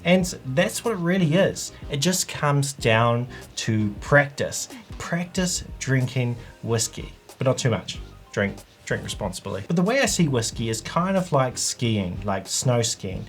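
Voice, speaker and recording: A man talks straight to camera in a relaxed vlog explainer. He is chatty and conversational, with a middling pitch. Soft music plays faintly underneath. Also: moderate pace. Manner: chatty, conversational, with frequent "like" and "you know". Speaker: whisky channel host.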